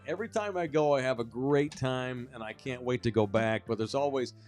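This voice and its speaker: A man co-hosting a sports podcast, telling a story in casual, animated, profane talk. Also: medium pitch, fairly quick, soft background music. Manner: animated, profane, rising when excited. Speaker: podcast co-host.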